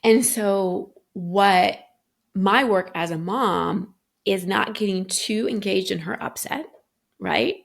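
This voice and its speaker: A woman's voice: medium pitch, slow, vocal fry. A middle-aged woman guest talking earnestly in a reflective podcast conversation, thinking aloud with many fillers. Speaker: guest coach.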